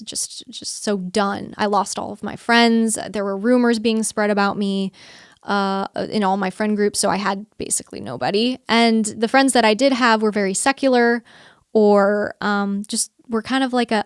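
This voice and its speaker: A woman's voice: medium pitch, moderate pace, clean tone, no echo, studio quality. A young woman as an interview guest, telling a personal story in an earnest, chatty way, often quoting her own thoughts and laughing.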